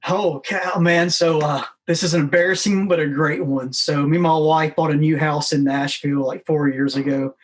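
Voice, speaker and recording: Male podcast guest, somewhat high voice, easygoing and self-deprecating. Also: fairly even intonation, moderate pace, few pauses. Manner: laid-back, self-deprecating. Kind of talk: casual interview chat.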